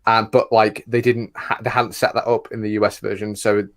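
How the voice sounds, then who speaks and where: A man co-hosting a podcast in casual chat, excitable and teasing. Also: lowish voice, a little fast. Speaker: podcast co-host.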